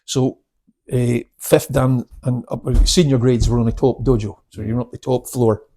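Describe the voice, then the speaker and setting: A gravelly, husky-voiced Scottish man in his sixties, spinning stories from years of training. He talks loosely and swears freely, salty and down to earth, his voice sitting in an ordinary middle register. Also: medium pitch, steady tone, normal speed, mellow. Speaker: guest, karate instructor. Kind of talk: casual storytelling chat.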